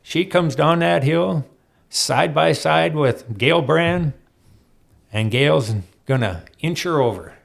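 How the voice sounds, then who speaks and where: A man telling racing stories as an interview guest in a studio, animated and laughing often as he acts out other people's lines. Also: on the high side, takes it slowly, creaky. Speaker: guest, off-road racer. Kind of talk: storytelling interview chat.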